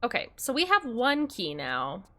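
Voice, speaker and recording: Young female streamer, high and bright voice, bubbly chatter with her viewers. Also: huge pitch swings, unhurried. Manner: chatty and bubbly, swears freely, greets and thanks viewers. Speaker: game streamer. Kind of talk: casual livestream chat while playing.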